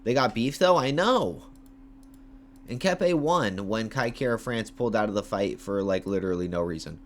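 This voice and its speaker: A young man livestreaming casual commentary, talking in hyped, repetitive bursts with slang and shout-outs to viewers. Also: lowish voice, lively intonation, normal speed. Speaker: MMA livestreamer.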